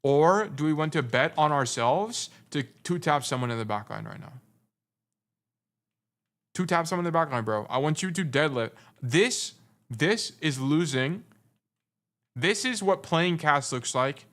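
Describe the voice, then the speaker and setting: A young adult man coaches through a gameplay review, his fairly high, slightly bright voice moving unhurriedly with lively intonation. His casual commentary is blunt and teasing, and he repeats points for emphasis.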